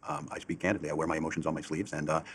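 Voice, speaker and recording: A man in his sixties answering interview questions earnestly, halting with ums and uhs. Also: a bass voice, little pitch movement, slightly rough. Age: 60s. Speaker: interviewee, politician. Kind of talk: television interview.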